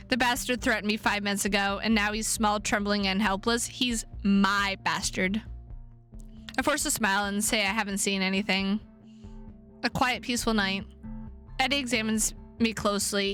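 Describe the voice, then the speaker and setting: A woman streamer playing a visual novel, reading the narration aloud with playful, animated asides. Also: medium pitch.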